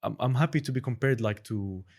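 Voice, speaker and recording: A man's voice: medium pitch, a little fast. A man talking casually as an interview guest, rambling with many restarts. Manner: rambling, many restarts, lively when demonstrating. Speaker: podcast host, guest.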